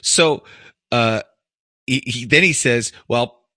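Bright, profane male podcast storyteller. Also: medium pitch, slow, no echo, clean studio sound. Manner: storytelling, profane, laughs often. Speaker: podcast co-host. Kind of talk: casual podcast chat.

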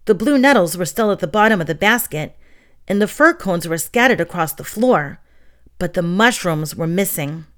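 A woman reading a children's fairy tale aloud in an expressive, gentle storytelling manner. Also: lowish voice, moderate pace.

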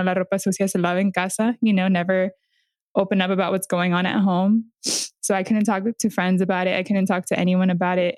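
A woman reflecting calmly on a hard family time in a casual conversation, speaking evenly and thoughtfully. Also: lowish voice, dry recording.

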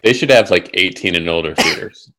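A man's voice: low-pitched, fairly quick, bright, forceful tone. A man chatting casually with friends in a laid-back, amused way. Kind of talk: casual chat.

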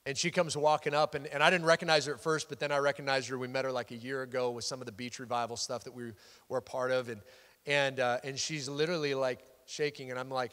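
A loud, excitable man preaching a sermon as a pastor, animated and full of quick restarts. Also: medium pitch. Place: church sanctuary. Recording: long hall reverb.

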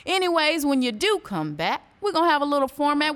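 A woman hosting a show, reading listener jokes and reacting loudly to the punchlines. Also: sits high, very animated, a little fast, hardly any pauses, loud music behind the voice. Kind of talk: casual joke reading.

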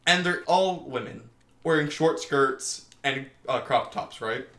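A man's voice: medium pitch, a little slow, a bit bright. A young man hosting a podcast, telling stories in a loose, joking casual chat. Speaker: podcast host. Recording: roomy echo.

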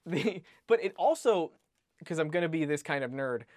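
A man with a fairly high voice talks in a loose, rambling way, restarting sentences and tossing in casual swears. The sound is close and dry, with no room behind him. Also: lively intonation, normal speed, darkish tone, no room sound. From United States. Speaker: podcast co-host discussing a book. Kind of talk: casual chat.

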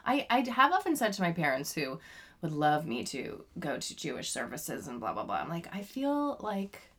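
Lively low-voiced young woman podcaster. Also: moderate pace, slightly rough. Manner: playful, chatty, lots of fillers. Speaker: podcast co-host. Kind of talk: casual chat.

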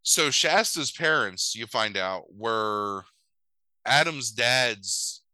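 A man hosting a podcast who recaps a movie in a sarcastic, profane, animated way. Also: mid-range voice, very slow, no echo, low-quality recording.

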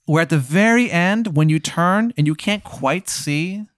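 A man's voice: fairly high pitch, expressive, no room sound, studio quality. A man improvising a comedic hypothetical story, narrating what a listener does next in a casual, playful way. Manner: spins a hypothetical scenario, quick voices for other characters.

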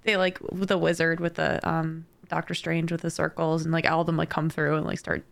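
A woman co-hosting a casual podcast, playful and giggly, spinning quick stories. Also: low voice, flat delivery, gravelly. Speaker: podcast co-host.

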